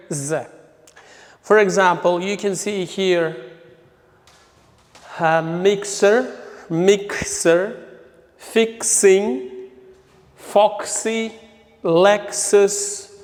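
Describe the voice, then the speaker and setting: A man teaching English pronunciation rules in a recorded lecture, calmly listing example words one at a time. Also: fairly high pitch. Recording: lecture with long hall reverb.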